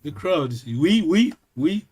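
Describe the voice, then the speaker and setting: A man teaching a language class in a halting way, repeating words and checking in with "yes?" again and again. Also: fairly high pitch, lively intonation, darkish tone, husky.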